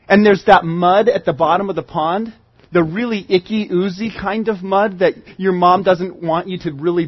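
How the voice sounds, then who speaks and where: A man preaching a sermon to a congregation, talking in a relaxed, conversational way with frequent restarts and repeated words. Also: high voice, no echo. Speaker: pastor. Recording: muffled lo-fi sermon recording.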